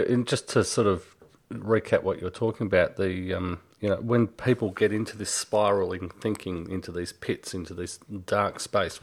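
Halting man, fairly low voice, casual podcast talk. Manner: halting, searching for words. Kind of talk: podcast conversation.

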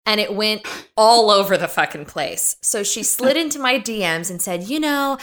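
Woman with a bright punchy voice, swearing a lot, super animated storytelling. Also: normal speed. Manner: profane, animated storytelling with big pitch swings. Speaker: podcast guest, commentator on influencers. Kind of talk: casual chat.

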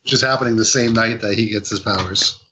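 A man co-hosting a podcast, recapping a story in a rambling casual way, full of fillers and quick lively voices for the people he quotes. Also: on the low side, noisy background. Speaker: podcast co-host reviewing comics. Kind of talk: casual chat.

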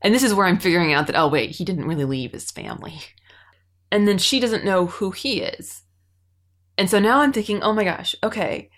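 A woman co-hosting a podcast, recapping a TV episode in an animated, exclaiming way. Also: mid-range voice, fairly quick. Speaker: podcast co-host. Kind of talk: casual chat recapping a TV episode.

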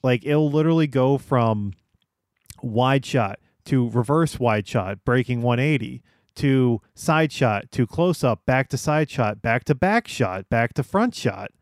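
A man co-hosting a podcast in casual chat, critical and a bit halting, swearing freely. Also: mid-range voice, expressive, no echo, studio quality.

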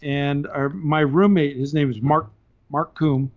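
A man, a podcast guest, tells a long story in a relaxed, chatty way and chuckles now and then. His voice sits slightly high for a man. The recording is a bit muffled and lo-fi. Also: a little slow. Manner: animated, laughs between points. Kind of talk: casual anecdotal storytelling.

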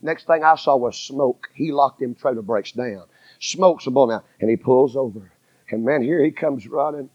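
A middle-aged man with a Southern American accent tells a story from the pulpit in a husky, folksy voice. He repeats phrases and drops to a hush before pushing out loud emphasis. The sound is close and dry, a little dull and lo-fi. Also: mid-range voice, moderate pace, no room sound. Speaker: preacher. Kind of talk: storytelling sermon. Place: church sanctuary.

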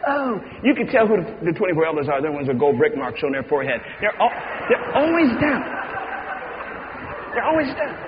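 A man preaching a sermon, telling stories with dramatic swings from hushed tones to shouts. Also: high-pitched, sing-song, normal speed, noisy background. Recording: dull reverberant hall recording.

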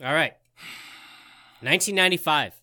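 A man's voice: on the high side, expressive, normal speed, pushed and bright, dry recording. A man reads quiz clues and a short plot summary on a podcast, his mid-range voice moving widely as he teases his friend. The recording is close and dry. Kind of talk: casual chat and reading a plot summary.

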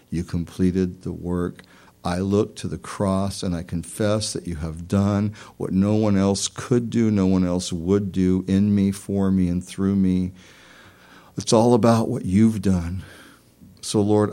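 A man's voice: low voice, mellow. A man leading an earnest spoken prayer in a sermon, building to fervent declarations. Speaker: pastor.

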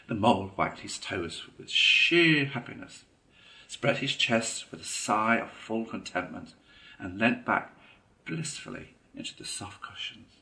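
Gravelly male storybook narrator. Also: lowish voice, animated, unhurried, bright, forceful tone. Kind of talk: storybook reading.

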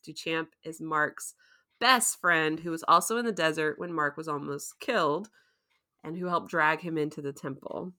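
A woman talks through a recap in a relaxed, chatty way, laughing often. Her voice sits a little low but sounds bright and forceful. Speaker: podcast co-host recapping a TV episode. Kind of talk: casual chat.

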